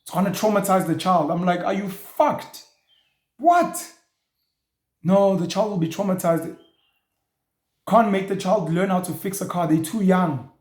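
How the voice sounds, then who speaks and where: A man's voice: high-pitched, steady tone, normal speed, a little mellow. A man, hosting a show and ranting bluntly in an opinionated monologue, now and then swearing. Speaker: show host. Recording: echoey room.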